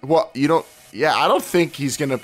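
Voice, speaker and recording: A man's voice: fairly high pitch, normal speed, soft background music. A man hosting a wrestling podcast, chatting casually in a rambling way, with restarts and laughing asides. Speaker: podcast host. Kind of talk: casual chat.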